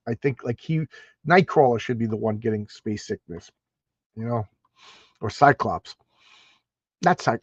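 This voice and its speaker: A man's voice: mid-range voice, husky, no echo, dull audio. A man casually reading through an old comic and commenting on it, rambling with restarts and asides. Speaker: comic book reviewer.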